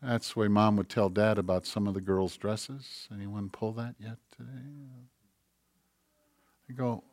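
A man preaching a sermon, moving between soft, conversational asides and forceful, rising preaching. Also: lowish voice, steady tone, unhurried, long pauses, no echo, studio quality. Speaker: pastor.

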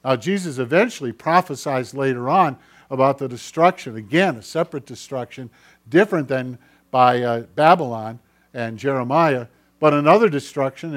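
A man preaching a sermon as pastor, swinging between loud, declaiming passages and hushed, low ones.

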